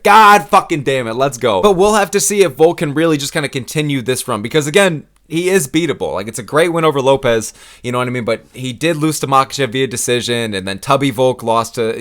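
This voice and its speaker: A man ranting casually to camera about fight matchups, profane, excitable and rambling, swearing constantly. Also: mid-range voice. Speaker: MMA commentary YouTuber.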